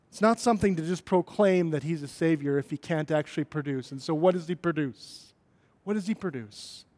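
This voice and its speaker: A man preaching a sermon as pastor, talking conversationally and then building to emphatic, rising points. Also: sits high.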